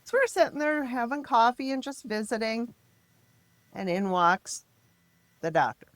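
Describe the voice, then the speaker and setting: A middle-aged mother from the American Midwest telling her family's story in an interview, emphatic and frank, turning animated when she quotes others. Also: a little high, a little slow, no echo. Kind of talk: personal storytelling in a podcast interview.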